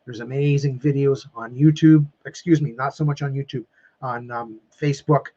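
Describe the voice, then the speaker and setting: A man's voice: medium pitch, steady tone, moderate pace, mellow, muffled recording. A man coaching viewers on a live stream, emphatic and emotional, repeating phrases and calling them his friends. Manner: openly emotional and effusive.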